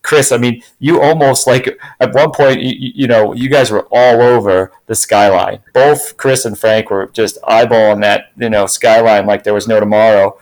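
Middle-aged guy, easygoing car podcast chat, excited rambling stories. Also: on the low side, normal speed, few pauses, low-quality recording. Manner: enthusiastic storytelling, many fillers. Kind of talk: casual chat.

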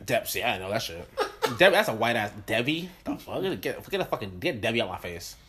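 Fast-talking young man, animated and profane. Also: mid-range voice. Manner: animated, profane, acts out voices in his stories. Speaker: podcast co-host. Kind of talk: casual chat.

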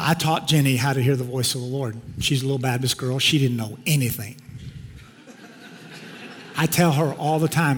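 A middle-aged pastor from Texas, preaching a sermon and swinging between loud urging and quiet personal storytelling. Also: male voice, mid-range voice. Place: large church sanctuary. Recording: long hall reverb in a sanctuary.

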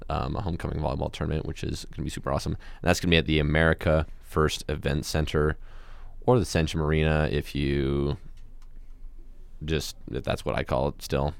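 A young man with a very low, smooth voice co-hosts a casual chat, rambling through stories. The sound is dry and close. He breaks into loud chanted cheers. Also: little pitch movement, brisk, no echo. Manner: rambling, yells cheers loudly. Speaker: co-host.

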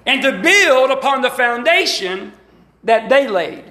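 A man from Alabama preaching with a strong Southern accent, his voice very high for a man and bright, nearly sharp. He keeps calling out to the congregation for answers, swinging from emphatic rising lines to folksy asides. The sound is roomy and echoey, as in a church sanctuary. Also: big pitch swings, unhurried. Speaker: pastor. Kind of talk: sermon.

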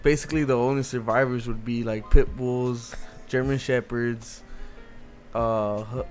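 A man chatting casually and telling stories in a relaxed, profane way, laughing often. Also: medium pitch, measured pace, faint music behind. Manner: laid-back storytelling, swearing, laughing. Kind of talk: casual chat.

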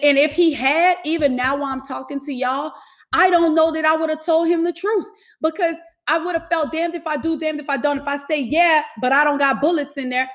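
A woman telling a personal story in casual talk, emphatic and swearing freely. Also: sits high.

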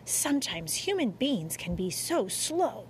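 Lady reading a know-it-all cat from a kids book, calm and dry, lively voice. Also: on the high side, measured pace, slight background noise. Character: smug, scheming house cat.

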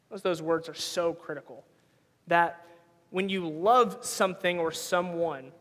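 In a large hall, a man in his thirties with a high-pitched, slightly bright voice preaches a sermon as a pastor. His style is conversational, with personal anecdotes woven in.

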